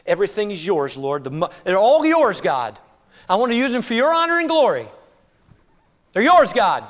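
High-voiced preacher in echoing hall. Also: male voice. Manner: animated, exclamatory, swings between loud and hushed. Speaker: pastor. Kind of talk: sermon. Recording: echoey hall reverb.

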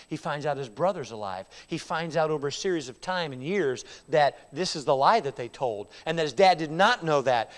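A preacher in a reverberant church hall. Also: male voice, fairly high pitch. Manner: dramatic, swings from loud to hushed while retelling scripture. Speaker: pastor. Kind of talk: sermon.

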